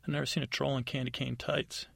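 A man voicing a pack of frantic woodland squirrels in a high, urgent voice. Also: level tone, fast, creaky, fairly bright tone, no room sound. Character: frantic squirrels from the deep woods.

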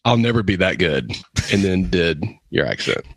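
Podcast co-host man, lowish voice, lively pitch, teasing, dry close mic. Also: normal speed, no echo. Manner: teasing, deadpan jabs at his co-hosts. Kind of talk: comedic podcast banter.

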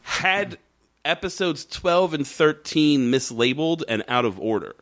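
A man co-hosting a casual podcast, reviewing a TV episode in an animated, swearing way, with jumps into high voices for quotes. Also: measured pace. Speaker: podcast co-host. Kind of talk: casual chat reviewing a TV show.

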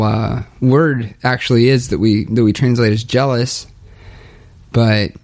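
A young man speaking a hesitant, halting confessional monologue, restarting often and sounding dejected. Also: medium pitch, a little mellow. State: low and dejected. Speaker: podcaster documenting his spiritual journey.

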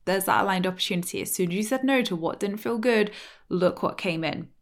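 A woman's voice: mid-range voice, brisk. A woman hosting a solo podcast, talking in a chatty, emphatic way with many "like" and "you know" fillers. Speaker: podcast host.

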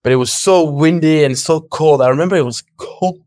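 A young man, a podcast guest, telling a story in casual chat with plenty of energy. He acts out quoted dialogue, laughs often and swears a little. His voice comes across smooth and resonant over a dry, close mic. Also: a little high, fairly quick, a little mellow, dry recording.

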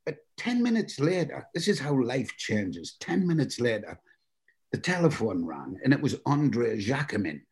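Gravelly Geordie man telling stories. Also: mid-range voice, normal speed. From North East England. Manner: animated, acts out other voices in quotes. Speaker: guest. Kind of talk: anecdotal storytelling.

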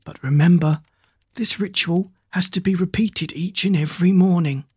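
A storyteller voicing a mysterious old man who speaks slowly in a hoarse voice, in a dry, close recording. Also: mid-range voice, no echo. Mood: calm. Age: older. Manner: slow, calm and kindly. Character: mysterious wise old man with a strange cane.

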